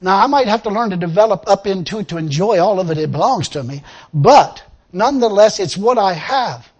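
A man preaching a lively sermon to a responding congregation, laughing often and acting out the people he quotes. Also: high voice, fairly quick, breathy edge. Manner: animated, laughing, acts out quotes. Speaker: pastor.

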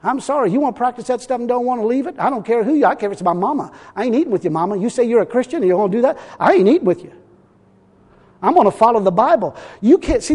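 A man's voice: high voice, a little mellow, husky, in a large hall. A man preaching a sermon as pastor, emphatic and folksy, often chuckling as he talks.

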